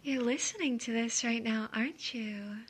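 A woman's voice: on the high side, normal speed, slightly rough. A young woman in a whispered role-play, speaking in a teasing, dominant way with murmured uh-huhs and giggles. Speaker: audio role-play performer.

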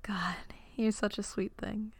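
A woman speaking in a whispered role-play, intimate and in charge, her words slow and unhurried. The recording is dry and close, with no room sound around her voice. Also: mid-range voice, little pitch movement, vocal fry, husky, no room sound. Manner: soft, intimate, commanding then tender. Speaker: dominant partner in an audio role-play.

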